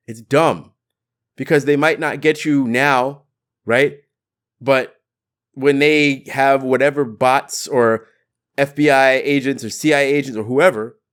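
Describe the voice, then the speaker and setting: A man hosting his own podcast, giving an impassioned political monologue in a blunt, fervent way, swearing now and then for emphasis. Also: mid-range voice. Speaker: podcast host.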